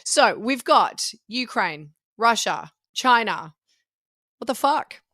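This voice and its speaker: A woman's voice: a little high, lively intonation, slow pace, fairly bright tone, a little hiss or hum. A woman co-hosting a casual political podcast, blunt and swearing freely. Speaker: podcast co-host.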